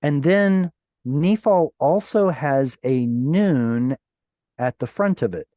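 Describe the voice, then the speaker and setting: A man's voice: fairly high pitch, expressive, slow pace, mellow, dry recording. A man teaching an online Hebrew class, explaining grammar patiently and playfully, quizzing his students as he goes. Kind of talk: online Bible Hebrew lesson. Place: online class over video call.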